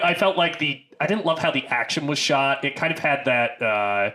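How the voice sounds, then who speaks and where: A man's voice: medium pitch, lively intonation, normal speed, pushed and bright. A man co-hosting a film podcast in casual chat, rambling with many fillers and restarts. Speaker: podcast co-host.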